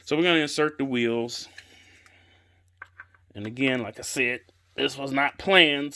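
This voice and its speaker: A man's voice: mid-range voice, moderate pace, fairly bright tone, slight background noise. A man from Chicago casually reviewing a gaming chair as he assembles it at home, chatty and rambling, with lots of "I guess" and "you know", recorded on a handheld camera mic. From Chicago area. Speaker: product reviewer. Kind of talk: casual unscripted product review.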